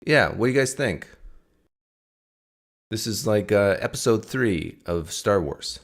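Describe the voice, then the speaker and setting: A man's voice: lowish voice, expressive, unhurried, creaky. A man hosting a live stream, reacting to a clip and firing off rhetorical questions in a casual, argumentative way.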